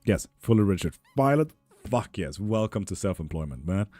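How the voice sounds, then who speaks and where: A young man chatting casually on a live stream, reading viewer comments, relaxed, swearing freely and cheering people on, a little ill and foggy. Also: low voice, fairly quick, dry recording, soft background music. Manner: laid-back, swears freely, upbeat cheering. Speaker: live tarot and spell streamer.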